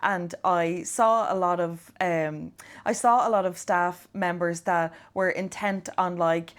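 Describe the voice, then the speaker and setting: A woman's voice: on the low side, fairly even intonation, measured pace. A woman, hosting a podcast and chatting casually, self-mocking and full of fillers. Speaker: podcast host. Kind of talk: casual conversation.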